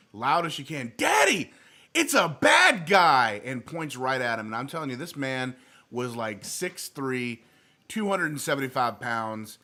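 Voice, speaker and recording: A man joining his wife on stream, telling a story against himself with acted-out quotes. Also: medium pitch. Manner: animated, self-mocking, acts out quotes. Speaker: co-host, the streamer's husband. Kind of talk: casual storytelling.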